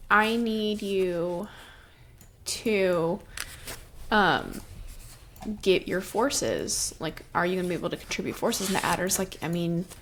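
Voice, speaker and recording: Slow-talking woman recapping a book. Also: mid-range voice, animated, slight background noise. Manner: recaps the plot loosely, with many fillers like "um" and "like". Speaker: podcast co-host. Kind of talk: casual book-discussion chat.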